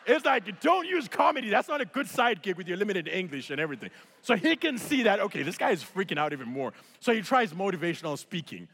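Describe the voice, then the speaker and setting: Animated pastor with a gravelly voice. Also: male voice, sits high, quick pace. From Africa. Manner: animated, mimics others' voices, laughs often. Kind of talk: storytelling sermon. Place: large church hall. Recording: live sermon in a reverberant hall.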